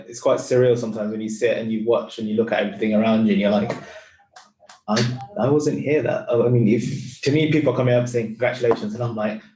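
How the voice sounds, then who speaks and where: A man's voice: lowish voice, mellow. A man, speaking on a careers panel in an earnest, rambling way full of restarts, heard over a video call. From East London, England. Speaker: finance employee, panel speaker. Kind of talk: casual panel talk. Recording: roomy, distant sound.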